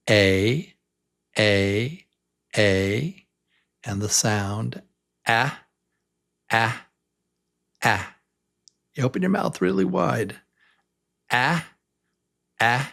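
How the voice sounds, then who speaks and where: A man's voice: on the low side, gravelly, a bit bright. A man teaching a beginner English pronunciation lesson, patiently repeating each letter sound and inviting the listener to try.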